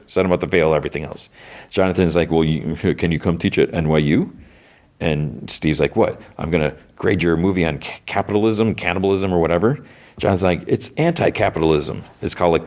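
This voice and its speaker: Male podcast host, low voice, loose filler-heavy episode recap. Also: darkish tone.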